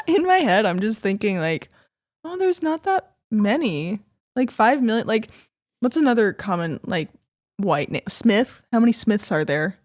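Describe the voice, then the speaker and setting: A woman's voice: mid-range voice, sing-song, dry recording, studio quality. Chatty young woman, faint southern-tinged twang. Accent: slight Midwestern with a southern tinge. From Indiana, USA. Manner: chatty, rambling, laughs easily, quick asides. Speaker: podcast co-host. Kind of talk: casual chat.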